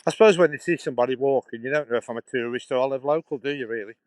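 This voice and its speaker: A man's voice: mid-range voice, very fast, a little mellow, no room sound, poor audio. A middle-aged man from England with a Stoke-on-Trent Potteries accent that drops his H's, chatting to live-stream viewers on a phone while walking a canal path outdoors, rambling and chuckling as he goes. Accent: Stoke-on-Trent Potteries, dropped H's. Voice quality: chatty, laughing, restarting phrases. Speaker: vlogger live-streaming a walk. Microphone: phone held while walking.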